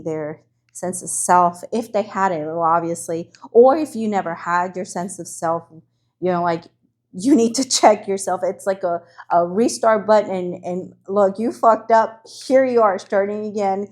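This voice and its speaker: A woman's voice: on the low side, measured pace, a little mellow. A middle-aged woman, a mother, talking casually and with feeling, openly empathetic in conversation. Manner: emotional, empathetic, candid.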